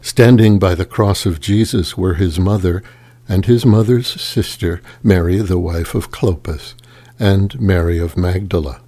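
A man reading scripture aloud in a slow, measured and solemn liturgical manner. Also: sits low, dark tone. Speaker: scripture reader.

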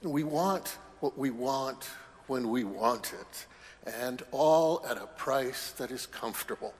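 Priest giving a homily, unhurried and mid-pitched, dry humor, long reverb of a church hall. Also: male voice, lively intonation. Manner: conversational, wry humorous asides. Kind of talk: sermon.

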